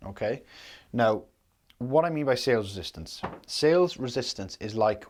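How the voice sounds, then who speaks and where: A man in his younger years talks through a sales method as a coach. His voice sits fairly low. He keeps it casual and explanatory, checking in with "okay?" after each point. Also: darkish tone. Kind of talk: instructional talk to camera.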